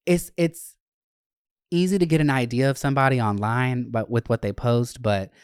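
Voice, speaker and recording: A young man hosts his podcast, telling a casual story in a loose, animated way. His talk is chatty and full of swearing. The recording is dry, with no room echo. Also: mid-range voice, normal speed, clear, resonant tone. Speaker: podcast host.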